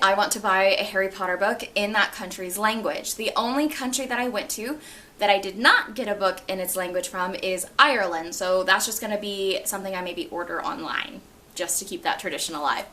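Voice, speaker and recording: A young woman in her twenties chatting casually and excitably about her books, laughing often. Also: mid-range voice. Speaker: book vlogger. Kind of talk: casual chat.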